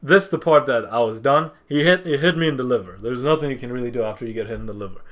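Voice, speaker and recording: A man talking as a podcast guest, telling a story casually, halting and restarting often, and acting out what others said. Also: medium pitch. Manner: halting, with many restarts and repeated words; animated, acts out what others said.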